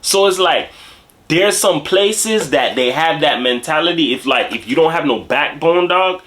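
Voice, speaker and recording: A man from Jamaica tells a story in a casual monologue full of slang. His voice is bright and sits a little high, and his pitch moves a lot as he talks. He sounds animated and streetwise. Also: unhurried. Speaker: host.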